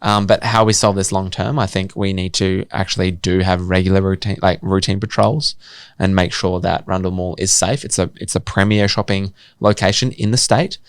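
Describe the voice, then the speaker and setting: A young Australian man, a city councillor co-hosting a podcast, chatting casually in a quick, wry, joking way. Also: low voice, steady tone, clear, resonant tone, dry recording, studio quality. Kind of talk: casual chat.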